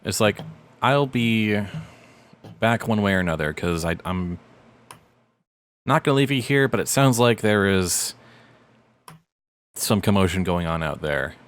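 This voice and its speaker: A man playing a tabletop role-playing game, speaking in a wry, deliberate way. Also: lowish voice, lively intonation. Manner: wry, deliberate, thinking aloud. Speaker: player.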